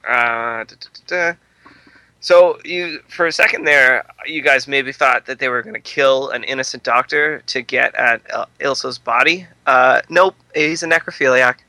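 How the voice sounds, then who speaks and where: Bright-voiced joking male podcaster. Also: medium pitch, normal speed, few pauses, no room sound, poor audio. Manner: joking, crude, laughs often. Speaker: podcast host. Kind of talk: casual movie review chat.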